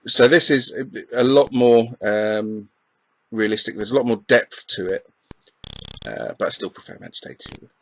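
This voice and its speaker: A middle-aged man from England with an Essex accent, a retro gaming YouTuber, offers chatty, self-deprecating commentary over gameplay, full of ums and uhs. His lowish voice has lively intonation and a slightly slow pace. The low-quality recording has no echo.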